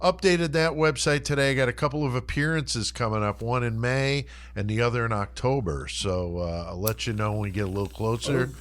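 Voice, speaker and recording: A man's voice: medium pitch, fairly quick, few pauses, fairly bright tone. Laid-back man hosting a podcast. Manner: laid-back, brief reactions. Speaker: podcast host and author. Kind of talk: casual podcast chat.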